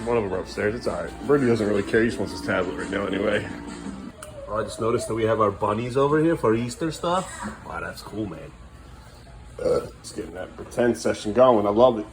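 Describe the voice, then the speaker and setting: A middle-aged man vlogging at home as a father, coaxing and scolding his kids in casual talk. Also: medium pitch.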